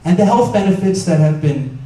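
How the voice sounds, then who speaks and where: A man's voice: high voice, lively intonation, fairly quick, warm tone. A man giving an informal lecture as a doctor, talking conversationally with many fillers and putting questions to his audience. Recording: echoey room picked up from a distance.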